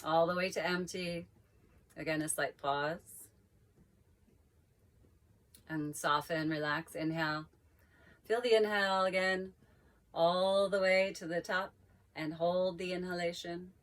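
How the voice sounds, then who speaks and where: Yoga teacher lady, low calm voice, really slow breathing cues. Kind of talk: guided breathing instruction.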